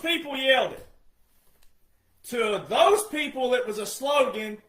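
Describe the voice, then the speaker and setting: High-voiced man ranting, shouting at times. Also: lively intonation, slow, roomy sound. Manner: heated, scolding, repeated rhetorical questions, often shouting. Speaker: online commentator. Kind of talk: ranting monologue.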